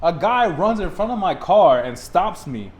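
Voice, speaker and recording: A young man from Texas, a podcast host, telling a story in a casual, animated way and laughing often. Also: high voice, normal speed. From Texas, USA.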